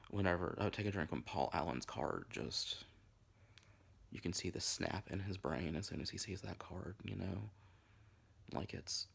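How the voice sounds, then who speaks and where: A man's voice: a bass voice, vocal fry, breathy edge. A man in his twenties giving casual, rambling commentary as a vlogger, full of crude, campy, profane asides.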